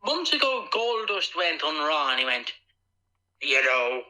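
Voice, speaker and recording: A man's voice: high voice, sing-song, normal speed, pushed and bright, poor audio. A man co-hosting a podcast, chatting animatedly and doing silly impressions of people. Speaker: podcast co-host. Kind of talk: casual chat.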